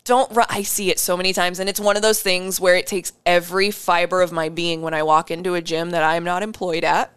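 A woman co-hosting a casual fitness chat, blunt and animated, swearing freely as she gives coaching advice. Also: fairly low pitch, brisk, few pauses, clean tone.

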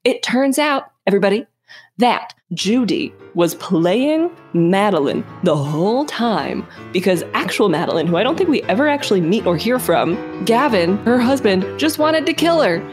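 A woman's voice: medium pitch, sing-song, moderate pace, few pauses, faint music behind. A young woman co-hosting a podcast, recapping a film in playful, laugh-filled casual chat. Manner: laughs often, playful, acts out characters in quotes. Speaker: podcast co-host.

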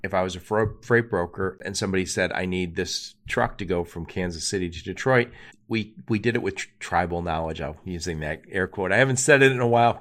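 Male podcast host, lowish voice, emphatic and animated delivery. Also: a little fast. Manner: animated, emphatic, talks in quoted asides. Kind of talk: conversational interview.

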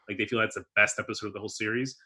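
Husky-voiced young man, casual movie chat. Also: on the low side, rapid-fire. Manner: chatty, animated, laughs easily.

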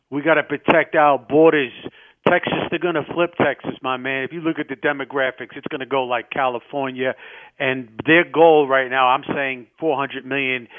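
A man's voice: mid-range voice, steady tone, normal speed, dry recording. A man from Rhode Island calling into a radio show, blunt and urgent. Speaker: caller. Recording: tinny phone line.

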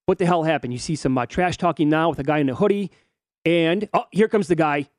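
A middle-aged sports betting host talks in a slightly high, worked-up voice, acting out outrage as he narrates clips. The mic is close and dry, with no room sound. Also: brisk, no room sound. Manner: animated, mock-outraged, acts out fans' lines. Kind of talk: casual sports talk, narrating fan videos.

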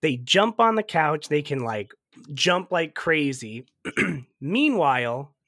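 A man on a podcast recapping a movie in casual chat, telling it with lively energy, laughing often and swearing freely. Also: fairly high pitch, slow pace, no echo, studio quality.

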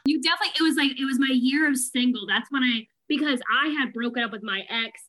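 Brief: young adult woman, chatty guest, lively anecdotes with acted-out quotes, bright higher pitch. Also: fast. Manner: animated storytelling, laughs often, acts out quotes. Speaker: podcast guest. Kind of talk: casual chat.

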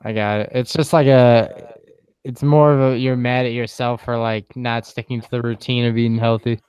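A man in casual, profane chat, dry and quick-witted. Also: mid-range voice, level tone, a little mellow, clear, resonant tone.

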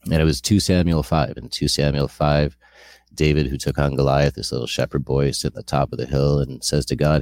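A man's voice: rumbling low, steady tone, a little fast, darkish tone. A middle-aged man sharing a candid personal testimony, earnest and rambling with frequent restarts.

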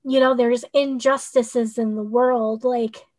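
A high-pitched woman chatting as a guest coach on a podcast, her voice sitting well above the usual range for a woman. She rambles loosely through her points, leaning on "like" and "you know" to keep the thoughts flowing. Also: steady tone, slow pace, a little mellow. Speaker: human design coach. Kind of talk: casual podcast conversation.

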